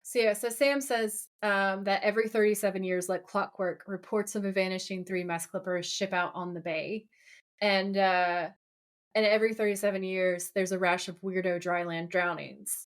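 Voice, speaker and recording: A woman co-hosting a podcast, chatting casually as she retells scenes in a lively storytelling way. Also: medium pitch, normal speed. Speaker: podcast co-host. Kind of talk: casual episode recap chat.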